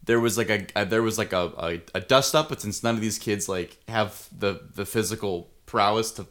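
A man's voice: lowish voice, moderate pace. A young man, a podcast co-host, in casual chat, joking and full of filler words. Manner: joking, filler-heavy, animated put-on quotes.

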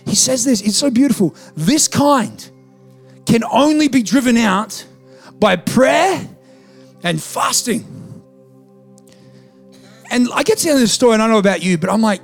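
A man's voice: very high voice, very animated, normal speed, long pauses, soft background music. A male pastor preaching a sermon in a church, talking casually and then building to emphatic peaks.

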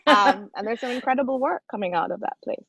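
A woman from Jamaica, a documentary film organization representative, answering interview questions thoughtfully with frequent pauses and "um.". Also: fairly high pitch, expressive, gravelly, crowd noise. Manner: thoughtful, with frequent "um" and "you know". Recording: dull, dry sound.

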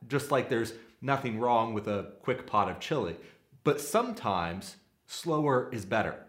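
Earnest man teaching in an echoey room. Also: mid-range voice. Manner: earnest, practical, uses homely analogies. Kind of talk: sermon-style teaching.

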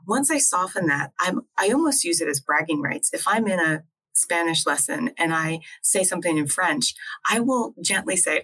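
A woman's voice: on the low side, lively intonation, normal speed, pushed and bright, husky, poor audio. A woman from New Jersey chatting casually as co-host, talking in a rambling way with frequent restarts. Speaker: co-host, acupuncturist. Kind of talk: casual video chat.

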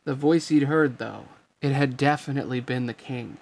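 A man narrates a story with a gravelly, textured voice. His reading is steady and unhurried, moving between narration and characters. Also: medium pitch, slight background noise. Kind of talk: fan fiction reading.

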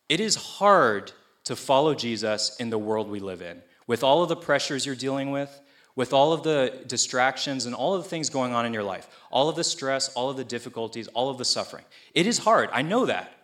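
A man's voice: mid-range voice, fairly bright tone. A man preaching a sermon to students in a casual, conversational way, often checking in with his listeners. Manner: casual youth-pastor delivery, checks in with listeners. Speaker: pastor.

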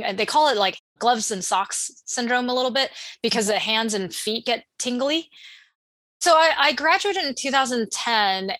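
A woman's voice: mid-range voice, a bit bright, dry recording. A woman in her thirties, a startup founder talking as a podcast guest in a casual, chatty way with many fillers and restarts. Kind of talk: casual interview conversation.

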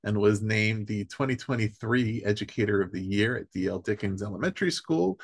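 Gravelly low-voiced male podcast host. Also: dry recording, clean studio sound. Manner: reads sponsor ads and introductions, friendly. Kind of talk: podcast interview hosting.

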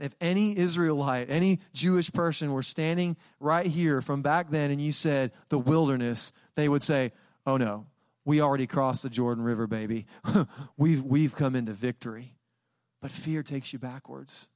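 A young adult man preaching a guest sermon in a church, telling personal stories in a casual, conversational way and now and then bursting into loud, dramatic outcries. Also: mid-range voice, no echo, studio quality. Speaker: guest pastor. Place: church auditorium.

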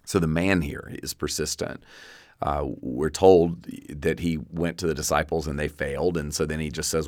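A very deep-voiced man with a drawl preaching a sermon. He speaks earnestly and conversationally and often restarts his phrases. The sound is dry and close, with no room echo. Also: fairly even intonation, normal speed, a little mellow. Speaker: pastor.

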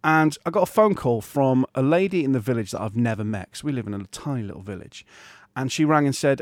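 A middle-aged man, co-hosting a podcast and telling an animated anecdote, often laughing and acting out other people's voices. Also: medium pitch, fast talker, few pauses, no room sound. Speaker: podcast co-host. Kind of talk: casual storytelling chat.

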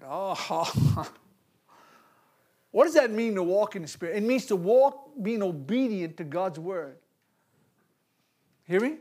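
A man preaching a sermon, swinging from loud, animated calls to hushed asides and laughing between points. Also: sits high, normal speed, long pauses.

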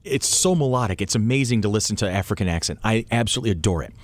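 A man co-hosting a casual group chat, animated, often circling back and restarting his thoughts mid-sentence. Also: on the low side, rapid-fire.

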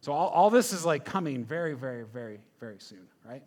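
A man's voice: a little high, lively intonation, fairly quick, a little mellow. A man preaching a sermon in a conversational, emphatic way, often checking in with the listeners. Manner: conversational, emphatic, frequent "right?" asides. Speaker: pastor.

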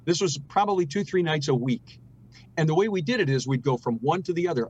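A husky, slightly high-pitched man in his fifties talks in a casual conversation. He tells family stories in an earnest, preachy tone. The sound is dull and lo-fi. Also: animated, quick pace, a little mellow. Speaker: radio host and guest.

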